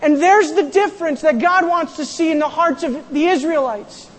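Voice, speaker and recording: A pastor preaching a sermon in a church, animated, acting out quotes and raising the voice for emphasis. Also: high voice, moderate pace. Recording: long hall reverb.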